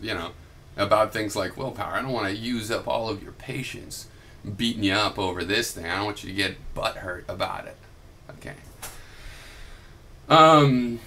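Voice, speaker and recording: A man's voice: fairly low pitch, sharp tone. A young man recording an argumentative reply video, combative and profane, with sarcastic mock quotes of his opponent. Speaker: video blogger replying to another vlogger.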